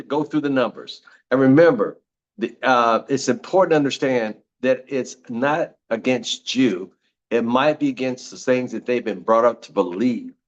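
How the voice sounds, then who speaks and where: Older guy giving a pep talk on sales, repeats his slogans, kinda muffled sound. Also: medium pitch. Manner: repetitive, preachy, emphatic slogans. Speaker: network marketing speaker. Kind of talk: motivational talk.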